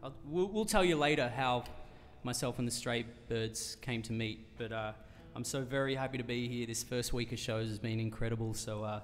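A man's voice: medium pitch, normal speed, few pauses. An Australian man telling a long, rambling comic story between songs at a live concert, full of fillers and restarts. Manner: rambling, self-deprecating, many fillers and restarts. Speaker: singer-songwriter telling a story on stage. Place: live music venue, in front of an audience. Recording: live concert hall with reverb.

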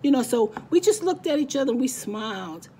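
A woman's voice: high-pitched, big pitch swings, fairly quick, dark tone, a little hiss or hum. A woman giving a heartfelt spoken birthday tribute to a friend, emotional, her voice cracking at times.

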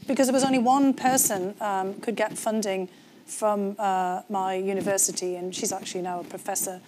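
A woman's voice: medium pitch, steady tone, normal speed, noisy background. Woman with a North East English accent. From North East England. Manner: candid, storytelling with frequent fillers. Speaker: guest, former government official. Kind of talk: conversational interview.

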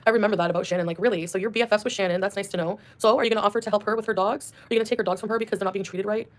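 Rapid-fire ranting woman. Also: medium pitch, fairly even intonation. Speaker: streamer. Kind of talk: ranting livestream clips.

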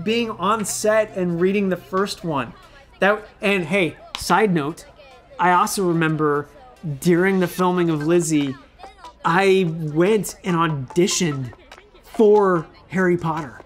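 Self-mocking man joking over soft music. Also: high-pitched, measured pace. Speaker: former child actor reviewing his old outfits. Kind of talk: casual vlog commentary.

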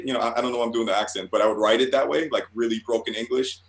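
A man's voice: medium pitch, fairly even intonation, fast talker, hardly any pauses. A man, a guest cartoonist, telling loose and profane stories in a casual interview and laughing at himself. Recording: roomy echoey room.

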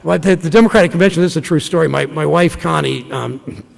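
A man in his fifties from Ohio gives a speech in a large conference room. His voice is very gravelly, and a long hall reverb trails his words. He tells stories in a folksy way with halting restarts. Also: on the high side. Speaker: senator.

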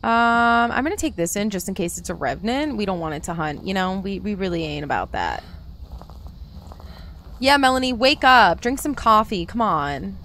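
Animated woman streamer chatting while gaming. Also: medium pitch, normal speed. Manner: chatty, animated, talks to viewers by name. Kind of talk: casual live-stream chat while gaming.

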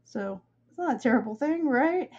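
A woman's voice: sits high, lively intonation, normal speed, a little mellow, highs cut off. A young woman from upstate New York, an artist chatting casually and rambling while she works, laughing often. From upstate New York, USA. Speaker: artist streaming her work. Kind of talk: casual chat while drawing.

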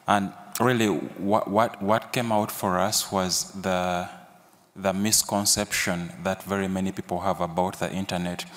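A man from Uganda speaking on a conference panel as a national partner, halting with frequent uhs and restarts. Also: low-pitched, level tone. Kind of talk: panel presentation. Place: large conference hall. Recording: long hall reverb.

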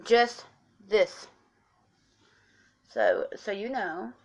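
Her medium-pitched voice swings widely in pitch, and she speaks very slowly. This woman, a makeup vlogger, chats her way through a relaxed tutorial, addressing viewers as "guys" and walking them through every step.

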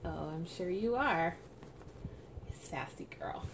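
A woman chatting casually as she unboxes a package, gushing and soft-spoken, at home. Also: fairly low pitch, very slow. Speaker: doll collector vlogger. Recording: steady background hiss.

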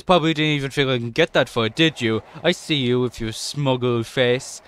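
Excitable young man with a smooth voice. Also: medium pitch, normal speed, few pauses, no room sound. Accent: non-American English. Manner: excitable, swears freely, yelps at in-game mishaps. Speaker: gaming YouTuber. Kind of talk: let's-play commentary.

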